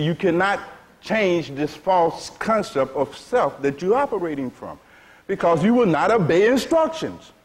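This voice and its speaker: A man's voice: fairly high pitch, darkish tone. A man teaching a sermon to a seated audience, speaking frankly in vernacular phrasing and repeatedly asking "you see?". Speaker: spiritual teacher.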